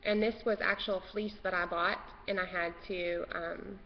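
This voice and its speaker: A woman's voice: fairly low pitch, steady tone, normal speed. Nervous rambling woman, lo-fi. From Texas. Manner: nervous, rambling, easily distracted. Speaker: podcast host. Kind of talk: casual craft vlog chat. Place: home craft room. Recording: dull lo-fi sound with long reverb and faint noise.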